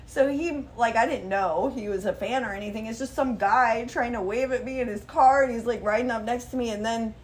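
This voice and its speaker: A woman in her thirties, a guest model chatting casually, telling lively stories with swearing and acted-out quotes. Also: a little high, a little fast, few pauses, a little hiss or hum. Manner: animated storyteller, swearing, acting out quotes. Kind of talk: casual chat.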